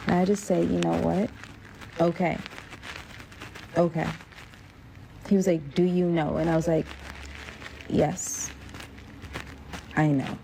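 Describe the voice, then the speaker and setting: A young woman telling a personal story in casual storytime style, full of fillers, acting out quotes with big jumps in pitch and dropping to a whisper at tense moments. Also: level tone, a little slow, gravelly, long pauses, mellow, slight background noise. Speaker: storyteller vlogger.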